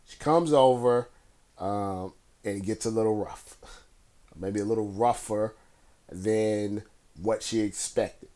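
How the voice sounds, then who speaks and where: A man with a somewhat low voice talks through current events on his own. He rambles in a relaxed, conversational way, with plenty of fillers and restarts. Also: slow, long pauses. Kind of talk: casual solo commentary.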